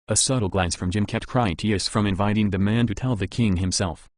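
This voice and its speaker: A male narrator reads an action audiobook in a measured, even style. His voice sits on the low side and the recording is dry and close. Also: no room sound. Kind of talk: scripted narration.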